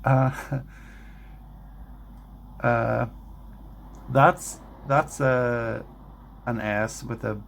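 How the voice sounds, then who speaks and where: Gravelly-voiced man in a relaxed how-to vlog. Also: mid-range voice, very slow, long pauses, a little hiss or hum. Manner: relaxed, rambling, self-deprecating; hesitant when sounding out words. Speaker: language learner vlogger. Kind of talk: casual screen-share tutorial. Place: at a home computer.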